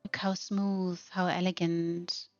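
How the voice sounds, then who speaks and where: A woman's voice: on the low side, level tone, slow pace, no echo, highs cut off, soft background music. A woman hosting a narrated house tour, gushing with effusive praise. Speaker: host.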